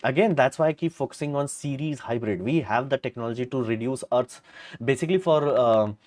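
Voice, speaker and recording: A man's voice: medium pitch, a little fast, darkish tone. A middle-aged man, hosting a casual live stream and answering viewer questions in a blunt, rambling way full of fillers.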